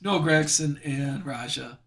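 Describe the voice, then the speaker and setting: A man's voice: a little high, takes it slowly, a bit bright. A man hosting a live sports card break, chatty and self-deprecating as he reads out each card he pulls.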